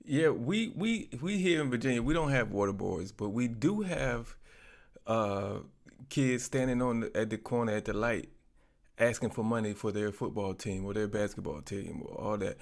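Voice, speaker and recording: A man hosting his own channel, commenting in a relaxed, conversational way with informal grammar. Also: fairly low pitch, normal speed, creaky. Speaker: channel host. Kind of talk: casual commentary to camera. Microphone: webcam.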